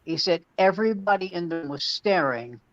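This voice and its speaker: A man's voice: sits high, animated, brisk, a little hiss or hum. A man comedian telling rambling anecdotes in casual chat. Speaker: comedian and podcast co-host. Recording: dull lo-fi dry sound.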